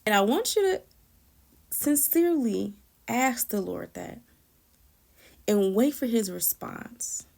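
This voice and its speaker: Earnest woman with a gravelly edge. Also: fairly high pitch, very animated, takes it slowly, pauses often, darkish tone. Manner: emotional, earnest, repeats and restarts phrases. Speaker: Christian encourager sharing a prayer testimony. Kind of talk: personal testimony, conversational storytelling.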